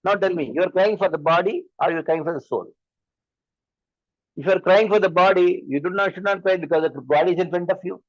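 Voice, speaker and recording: High-voiced Indian English man preaching. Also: quick pace, dry recording, highs cut off. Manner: repeated rhetorical questions. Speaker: spiritual teacher. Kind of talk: sermon.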